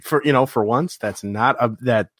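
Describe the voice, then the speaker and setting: A man's voice: medium pitch, normal speed, no echo. Man, casual sports podcast co-host, rambling and swearing, dry close sound. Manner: rambling storyteller, acts out quoted voices, swears.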